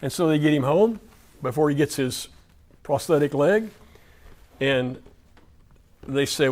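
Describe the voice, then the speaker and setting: A man's voice: on the high side, expressive, unhurried, pauses often, darkish tone. A man leading a Wednesday night Bible study before a church audience, speaking emphatically with lots of repetition and slipping into folksy storytelling.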